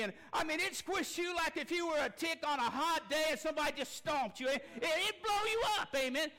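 A man preaching a sermon, folksy and impassioned, rising to shouts. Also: very high voice, lively intonation, fast, hardly any pauses. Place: church sanctuary.

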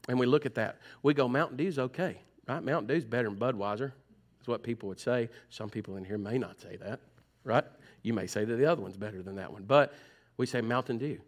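A man's voice: on the low side, fast talker. A man preaching a sermon in a church. He talks conversationally, teases his listeners and acts out their complaints. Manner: conversational preaching, teasing the congregation, mimics voices. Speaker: pastor. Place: church sanctuary.

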